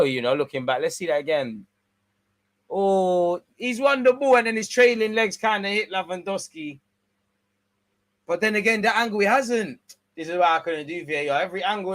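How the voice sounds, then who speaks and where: Slangy man. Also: high voice. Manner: casual slangy banter, swings between excited and mumbled. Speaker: watch-along streamer. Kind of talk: live watch-along football commentary.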